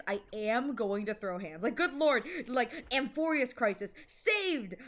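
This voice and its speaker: A young woman streaming a game, chatting in an excitable, giggly way and swearing freely. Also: medium pitch. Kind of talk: casual game-stream chat.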